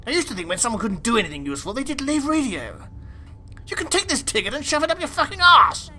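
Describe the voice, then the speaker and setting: A woman's voice: sits high, big pitch swings, pushed and bright, a little hiss or hum, exaggerated voice. A woman voicing a pompous, hot-tempered male station commander. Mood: indignant. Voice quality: entitled and quick to rage.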